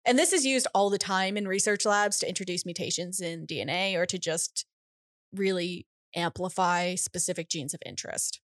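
A young adult woman co-hosting a casual science podcast, explaining clearly and laughing easily. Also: lowish voice, moderate pace, a bit bright, no room sound, studio quality. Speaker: podcast co-host.

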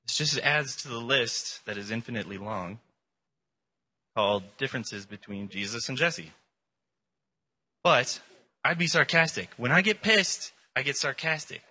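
A man giving a casual sermon, irreverent and animated, retelling a scripture story in everyday words. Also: mid-range voice, measured pace, pauses often, husky. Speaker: preacher.

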